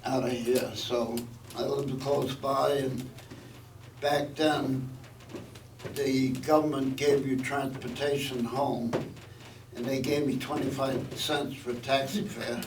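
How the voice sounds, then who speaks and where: A man's voice: medium pitch, little pitch movement, a little slow. A man in his eighties giving a plainspoken, reminiscing speech as a veteran. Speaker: veteran speaker. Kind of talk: public speech. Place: museum event hall. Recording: echoey hall, distant mic, background noise.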